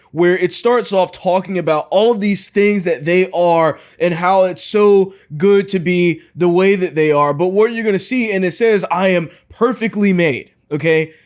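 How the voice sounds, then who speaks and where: A man hosting a reaction commentary, talking in an incredulous, mocking way and often repeating himself. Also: sits high. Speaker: commentary host.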